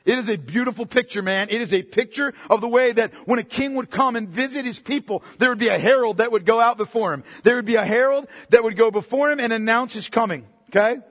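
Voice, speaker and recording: A man preaching with a high, light voice, talking through scripture in a relaxed, conversational way and then pressing hard on key points. He repeats phrases for emphasis and calls his listeners "man." His voice rings out with a long reverb, as in a large hall. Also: fairly quick. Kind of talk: sermon.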